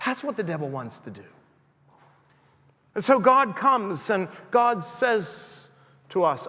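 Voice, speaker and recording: A man's voice: high voice, big pitch swings, slow pace, long pauses, bright, forceful tone, in a large hall. A man preaching a sermon in a church, emphatic and rising and falling for emphasis.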